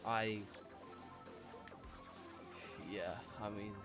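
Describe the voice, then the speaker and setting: A man's voice: lowish voice, little pitch movement, measured pace, over music. A young man streaming and chatting casually while gaming, laid-back and rambling, often restarting his sentences.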